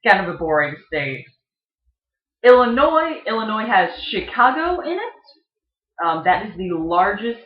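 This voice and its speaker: Chatty presenter with echoey, dull sound. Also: mid-range voice. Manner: chatty, filler-heavy, mimics regional pronunciations. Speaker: video presenter. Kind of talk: casual explainer talk. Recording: dull, echoey home recording.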